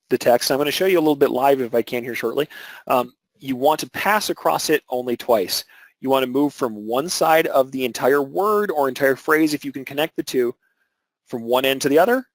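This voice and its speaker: In a low-quality recording with no room sound, a mid-range male embroidery instructor leads a webinar. He explains technique one step at a time, using filler words and restarting sentences.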